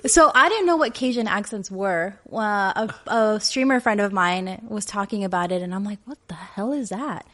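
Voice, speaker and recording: A woman co-hosting a podcast, giving a casual movie review in an animated way and laughing often. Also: mid-range voice, moderate pace, few pauses. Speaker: podcast co-host.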